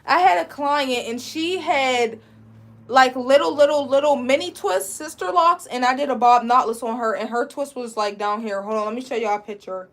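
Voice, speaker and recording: A woman's voice: sits high, normal speed, fairly bright tone. A young woman, chatting casually as she teaches a live braiding class and answers viewer questions. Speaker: braiding instructor.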